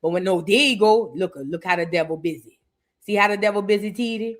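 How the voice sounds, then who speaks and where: Hosting a reaction show, a woman with a mid-range voice talks fairly quickly and casually, breaking into bits of singing and dramatic, playful side comments.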